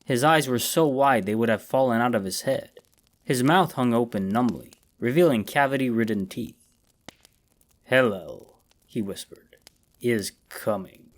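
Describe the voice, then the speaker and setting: A man reading a horror story aloud in a measured, dramatic narration. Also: medium pitch, animated.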